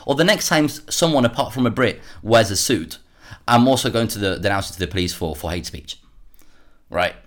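A man's voice: fairly low pitch, expressive, a little fast. A man hosting a solo commentary podcast, worked up and sarcastic, often repeating words as he rants. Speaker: podcast host.

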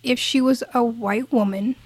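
A woman's voice: on the high side, steady tone, moderate pace, no echo. A woman co-hosting a podcast, talking in a casual, emphatic and impassioned way. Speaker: podcast co-host.

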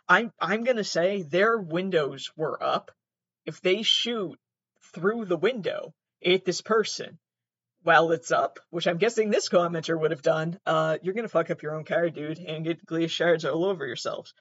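Speaking at a measured pace in a fairly high, somewhat bright voice, this man hosts a podcast and reacts to clips from online. He's rambling, sweary and exasperated, frequently starting over, and the sound is dry, muffled and dull without room reverb.

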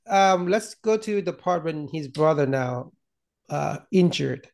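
A man on a movie-review podcast, talking casually in a halting way, often stopping to restart. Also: fairly high pitch, steady tone, creaky.

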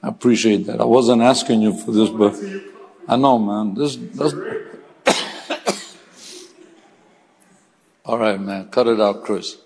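A male pastor preaching a sermon, telling funny personal stories in a casual way, laughing often and climbing to loud, high-pitched peaks. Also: slow pace, creaky, long pauses, long reverb tail, crowd noise, poor audio. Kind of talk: sermon with humorous storytelling. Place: church sanctuary.

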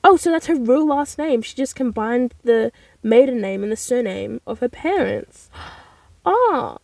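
A chatty young woman rambles through a casual solo podcast. Her voice sits a little high and she bursts into animated exclamations. She talks from inside a parked car with a dry, close sound. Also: dry recording. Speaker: podcast host.

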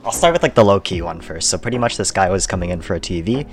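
A man's voice: low-pitched, animated, fast, faint music behind. A young man co-hosting a podcast in casual chat, laid-back and laughing often as he rambles through a story. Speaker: podcast co-host.

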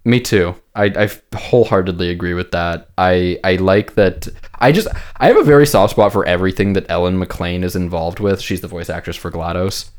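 A man's voice: sits low, normal speed, few pauses, a little mellow. A man co-hosting a casual podcast, talking in a rambling way with many stammered restarts. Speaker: podcast co-host. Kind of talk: casual chat.

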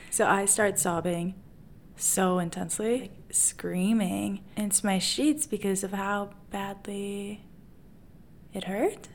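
A woman's voice: medium pitch, gravelly, slight background noise. A young woman hosting her own podcast, telling a personal story in a candid, self-mocking way and often laughing at herself. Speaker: podcast host.

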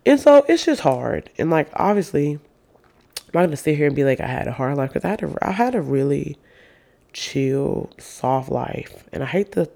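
A man's voice: a little high, big pitch swings, moderate pace, creaky, a little mellow. A man in his twenties speaking openly and casually about his own life, cursing now and then. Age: 20s. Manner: open, confessional, swears casually. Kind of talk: candid personal monologue.

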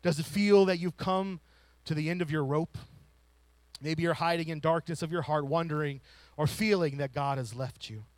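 A man preaching a sermon, rising to loud emphatic lines and falling to soft hushed ones. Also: on the high side, moderate pace, no echo. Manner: drops to a whisper to show a still small voice.

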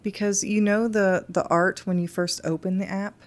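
A woman co-hosting a podcast in casual chat, playful and quick to laugh. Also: medium pitch, steady tone. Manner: chatty, laughs often, playful. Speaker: podcast co-host.

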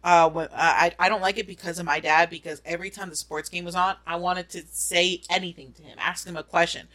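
A young woman co-hosting a podcast, telling stories in animated, casual chat and laughing often. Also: lowish voice, a little fast. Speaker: podcast co-host.

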